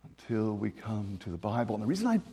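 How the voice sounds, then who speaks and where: A man preaching a sermon in an animated, emphatic way, full of restarts, repetition and joking asides. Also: fairly low pitch, quick pace, slightly rough. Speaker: pastor.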